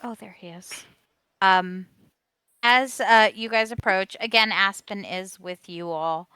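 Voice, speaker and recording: Slow, bright-voiced woman game master. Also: medium pitch, clean tone, dry recording. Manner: halting, many "um"s. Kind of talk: narrating a tabletop game.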